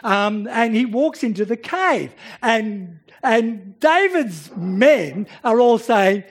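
High-voiced man preaching slowly. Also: lively intonation, slightly rough. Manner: earnest, repeats words when starting phrases. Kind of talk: sermon.

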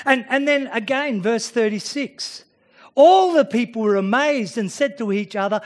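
A man's voice: extremely high pitch, expressive, unhurried, long pauses. A man preaching a sermon, working through a Bible passage and often restarting his phrases as he acts out the voices he quotes.

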